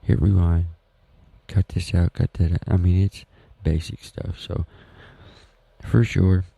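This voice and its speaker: A man with a Southern US accent hosts a casual home podcast, talking in a slow, rambling, folksy way. His voice is very low and dark, with a gravelly, slightly husky edge. The recording is dry and close. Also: level tone, no echo, rough recording. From Southern United States. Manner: rambling, folksy, self-deprecating. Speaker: podcast host. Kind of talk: casual solo podcast talk.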